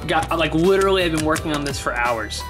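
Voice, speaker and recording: A man's voice: fairly high pitch, expressive, fast talker, over music. A man vlogging from his garage workshop, talking straight to viewers in an exasperated, casual way. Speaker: car project vlogger.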